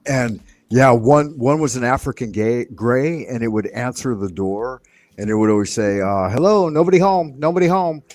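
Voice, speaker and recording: A man hosting a casual live stream, telling relaxed stories and swearing casually. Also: mid-range voice, normal speed, dry recording. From United States. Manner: laid-back storyteller, swears casually. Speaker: stream host. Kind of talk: casual chat.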